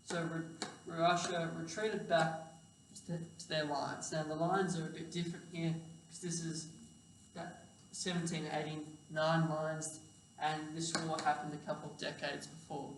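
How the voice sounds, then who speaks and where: A man's voice: on the high side, level tone, unhurried. A sleep-deprived man giving a casual, rambling history lecture, swearing and correcting himself as he goes. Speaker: history presenter. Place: lecture hall. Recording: echoey hall, distant mic, faint hum.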